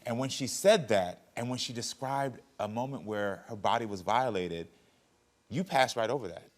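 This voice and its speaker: A man hosting a talk show, mediating calmly and empathetically between guests. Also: medium pitch. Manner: calm, measured, guiding and empathetic.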